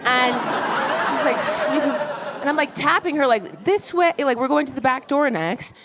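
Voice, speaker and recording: A woman stand-up comedian telling a story in a wry, quick, self-deprecating way, on a club stage with a handheld mic. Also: sits high. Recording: live club recording with crowd noise. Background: audience laughter.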